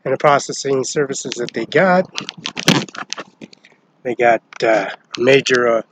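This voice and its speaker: Man, middle-pitched voice, disjointed angry monologue, heavy cursing; light background noise. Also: measured pace. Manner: agitated, rambling, profane, jumping between topics. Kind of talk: rambling complaint monologue.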